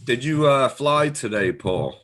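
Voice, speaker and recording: A man's voice: mid-range voice, expressive, measured pace, fairly bright tone. A man hosting a casual livestream chat over an online call, joking and laughing often. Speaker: livestream host.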